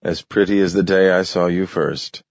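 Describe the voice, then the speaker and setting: A man in his fifties reading the lines of a measured, reflective scholar nearing sixty in a story, in a dull lo-fi recording. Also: low voice, fairly even intonation, no room sound. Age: 50s. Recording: dull lo-fi audio.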